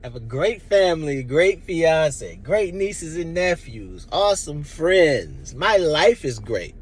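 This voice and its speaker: A man's voice: a little high, very animated, takes it slowly. A man in his thirties giving an impassioned, blunt personal monologue, emphatic and profane. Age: 30s. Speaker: vlogger.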